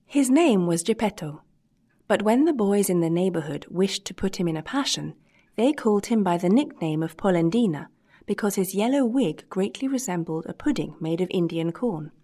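A woman narrating a classic storybook chapter in a steady, measured reading voice. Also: medium pitch. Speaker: audiobook reader.

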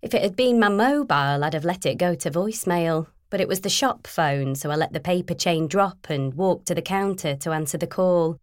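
An audiobook narrator reads a first-person novel in a measured, even storytelling style. Her pitch is fairly low, and the recording is dry with clean studio sound.

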